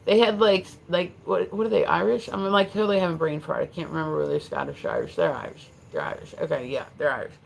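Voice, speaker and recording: A woman's voice: on the low side, animated, quick pace, vocal fry, hardly any pauses, poor audio. An American woman hosting a livestream, chatting casually and rambling with many restarts and fillers. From United States. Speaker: livestream host. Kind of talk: casual chat.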